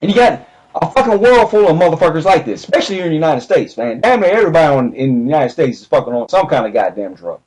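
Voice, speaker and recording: A man with a fairly high-pitched voice delivers a profane, emphatic rant into the camera. He swings between slow, stressed phrases and rushed bursts, and swears constantly in a loud, off-the-cuff monologue. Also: very animated, poor audio. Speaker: video commentator.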